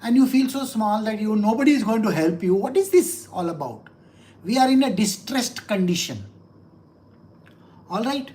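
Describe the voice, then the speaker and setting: A woman's voice: mid-range voice, very animated, moderate pace, warm tone. A woman spiritual teacher explaining scripture to listeners, asking rhetorical questions, repeating phrases for emphasis and acting out small quoted exchanges. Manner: acts out little quoted exchanges.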